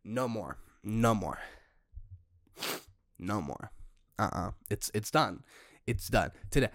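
A young man hosting a solo podcast, ranting in an exasperated way with sudden loud outbursts. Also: on the low side, animated, slow pace, gravelly, pauses often, dry recording, studio quality. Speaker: podcast host.

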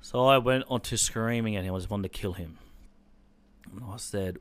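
A man's voice: lowish voice, a little fast. An Australian man telling a personal story in an intense, blunt way, swearing freely.

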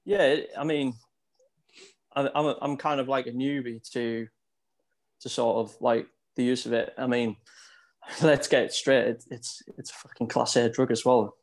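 A man's voice: mid-range voice, steady tone, unhurried. A middle-aged British man talking as a guest in a casual podcast chat, laid-back and hesitant with many fillers. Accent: British English.

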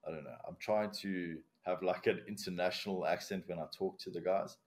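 A very deep-voiced man with a non-native English accent talks through work procedures in a relaxed podcast chat. He lays things out step by step, plainly and bluntly, with casual swearing mixed in. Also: a little fast. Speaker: commercial diver, guest.

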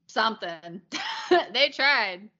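A woman's voice: a little high, extremely slow, lo-fi sound. A young woman asking casual questions as interviewer, enthusiastic and laughing often. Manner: lively, laughs a lot, enthusiastic. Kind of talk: casual chat.

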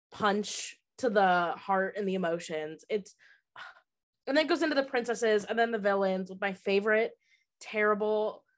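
A woman co-hosting a podcast, gushing in casual chat and saying "like" often. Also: mid-range voice. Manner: gushing, lots of "like". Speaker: podcast co-host.

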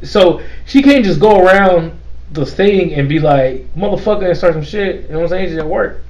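A man's voice: on the high side, lively intonation, normal speed, darkish tone, highs cut off. A man hosting a casual chat and telling a story in a loose, laughing way, acting out the people in it. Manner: loose, laughing retelling with playacted quotes. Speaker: host. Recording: faint noise, set back from the mic.

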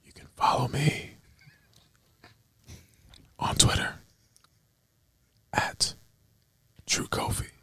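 A podcast co-host whispering hesitantly in ASMR style, reluctant and careful. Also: male voice, drawn-out words, long pauses, fairly bright tone, no room sound.

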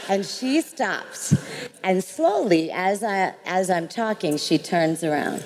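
A woman telling a lively story on a live panel, laughing often and acting out the voices. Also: mid-range voice, takes it slowly, long pauses, big-room sound. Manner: animated, laughing, acts out voices. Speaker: panel guest. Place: large hall before an audience.

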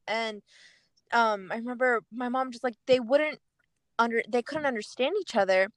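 A woman's voice: fairly high pitch, moderate pace, no room sound. A young woman from a Kurdish family in America, co-hosting a casual chat and telling a personal story with many fillers. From Kurdish family living in America.

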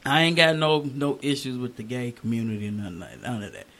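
A man co-hosting a casual chat show, animated, with loud slangy outbursts and exclamations. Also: mid-range voice, brisk, gravelly, a crowd in the background. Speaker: podcast co-host.

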